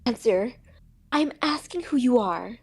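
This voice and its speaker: A woman's voice: fairly high pitch, lively intonation, a little slow, a little mellow, breathy edge, full character voice. A woman voicing a frightened, proud sorceress in a visual novel read-along, with a trembling, demanding delivery. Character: terrified female sorceress, desperate and proud. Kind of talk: reading a visual novel aloud on stream.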